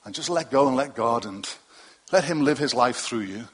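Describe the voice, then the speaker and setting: A man's voice: medium pitch, lively intonation, normal speed, husky. A middle-aged male pastor preaching to his congregation in a loose, conversational way, with asides and self-deprecating jokes. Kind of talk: sermon. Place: church hall with a congregation.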